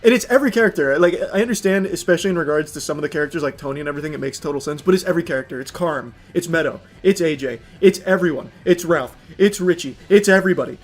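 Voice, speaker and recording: A man's voice: on the high side, very fast, hardly any pauses, faint music behind. A young adult man streaming, ranting casually with lots of swearing and frequent laughter. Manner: animated, profane, laughing often. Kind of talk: casual livestream rant.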